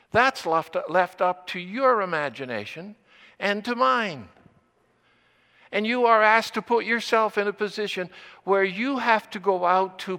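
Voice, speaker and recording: Older male preacher, gravelly and bright, deliberate repetition, long hall reverb. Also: sits high. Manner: slow, deliberate, repeating phrases for emphasis. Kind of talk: sermon.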